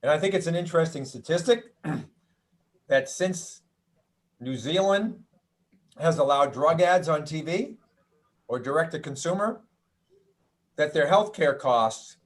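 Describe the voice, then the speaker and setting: A middle-aged man from the United States talks through a presentation in a mid-pitched voice. He is chatty and wry, with asides and restarts as he goes. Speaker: doctor giving a health talk. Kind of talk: presentation with slides.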